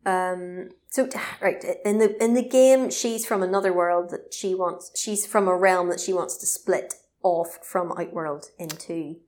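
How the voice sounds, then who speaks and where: A woman co-hosting a casual chat, recapping a video game with animated, laughing asides. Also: lowish voice, unhurried, few pauses.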